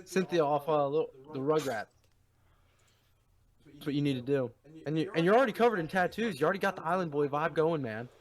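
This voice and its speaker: A man's voice: fairly high pitch, lively intonation, brisk, pauses often. A man co-hosting a podcast, joking and teasing his friends in casual chat and swearing freely. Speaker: podcast co-host.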